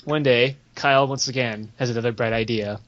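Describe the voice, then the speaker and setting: A young man telling comedic stories on a podcast, animated and profane, jumping into character voices. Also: fairly quick. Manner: animated, profane, acts out quotes with big pitch jumps. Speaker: storyteller on a podcast. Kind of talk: casual comedic storytelling. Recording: dull lo-fi podcast audio.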